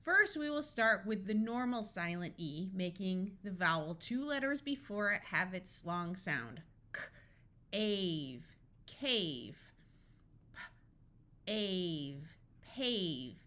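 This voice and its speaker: A woman teaching a phonics lesson, slowly sounding out letters and words one at a time with careful, deliberate delivery. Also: mid-range voice, very animated, pushed and bright. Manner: slow and deliberate, stretching out each sound. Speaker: phonics tutor.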